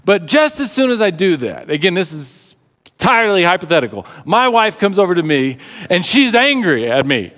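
High-voiced animated male pastor. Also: moderate pace, big-room sound. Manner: animated storytelling, repeats words when pressing a point. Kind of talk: sermon with ministry appeal. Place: church service.

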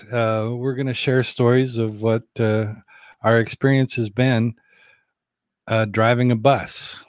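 A man's voice: fairly low pitch, no echo, clean studio sound. A man who drives a bus, co-hosting a casual chat, easygoing and laughing often, with many fillers. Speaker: podcast co-host, bus driver.

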